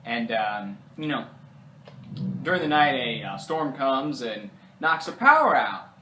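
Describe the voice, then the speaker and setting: A man's voice: medium pitch, very animated, a little slow, sharp tone, a little hiss or hum. A man casually recapping a movie in a rambling way, full of fillers, now and then putting on character voices. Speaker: movie reviewer. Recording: roomy echo.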